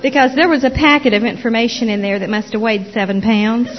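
A woman telling her personal testimony as a former Jehovah's Witness, expressive and dramatizing the story with little voices. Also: on the high side, fairly quick. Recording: dull lo-fi recording.

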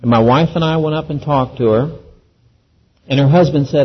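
A Christian speaker shares his personal faith testimony earnestly and folksily, voicing the characters in his story. His voice is on the high side and slightly rough, moving at a moderate pace with long pauses, captured in a dull lo-fi recording.

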